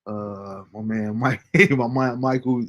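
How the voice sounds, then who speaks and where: A man's voice: on the low side, steady tone, slow. Laid-back man reading viewer comments. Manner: laid-back, chuckling often, fillers like um. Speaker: host. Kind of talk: casual livestream chat, reading viewer comments.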